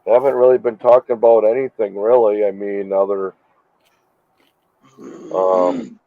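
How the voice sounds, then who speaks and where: Low man on a tinny phone line. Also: little pitch movement, unhurried, mellow, dry recording. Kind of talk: casual live-stream chat.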